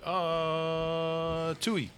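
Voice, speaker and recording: A man's voice: a little high, monotone, very slow, fairly bright tone, slight background noise. A man co-hosting a podcast, chatting casually and playfully repeating jokes. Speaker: podcast co-host. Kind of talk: casual chat.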